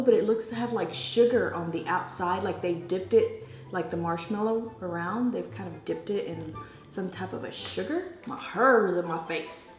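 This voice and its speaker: Chatty American woman vlogging, echoey room. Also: fairly low pitch. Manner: chatty, talks straight to viewers. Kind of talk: casual taste-test vlog.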